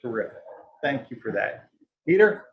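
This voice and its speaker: A man moderates a panel discussion, putting questions to the speakers in a polite, upbeat tone. His voice sits at an ordinary male pitch. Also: expressive, normal speed, dull audio, slight background noise.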